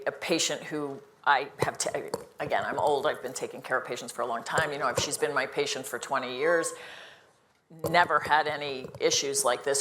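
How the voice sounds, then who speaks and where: Woman, middle-aged, internist on a live panel, low-pitched voice, earnest and quick, full of restarts and repeated words. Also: fairly bright tone, slight background noise. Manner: earnest, fast-talking, with many restarts and "again".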